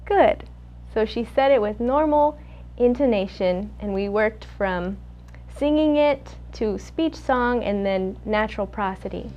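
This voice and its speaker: A young woman with a fairly high voice, working as a student clinician as she walks through a speech therapy drill. She coaches patiently, cueing sounds one at a time and answering each attempt with quick praise. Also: highs cut off. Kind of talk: demonstrating a speech therapy session.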